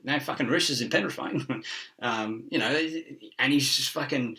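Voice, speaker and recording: Brief: middle-aged man, bright edgy tone, swearing, laughing, riffing on word origins, sitting back from the mic. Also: medium pitch, normal speed, gravelly, distant mic. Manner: profane, laughing, chasing wordplay and word origins. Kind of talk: rambling monologue.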